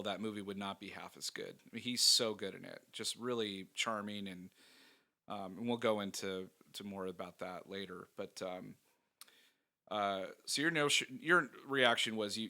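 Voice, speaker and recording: Male podcast co-host, low-ish bright voice, hesitant casual delivery. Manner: hesitant, filler-heavy. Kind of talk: casual movie review chat.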